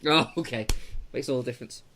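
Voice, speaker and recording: A man with a Manchester accent hosting a casual film podcast, self-deprecating and quick to laugh. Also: medium pitch, bright, forceful tone. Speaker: podcast host.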